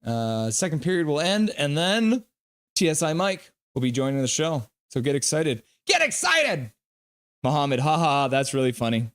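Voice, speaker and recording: A man's voice: a little high, lively intonation, moderate pace, clean tone. A man hosting a live stream, calling the hockey play-by-play and joking with the chat. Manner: jokey, banters with chat between play calls. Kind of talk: casual play-by-play and chat reading.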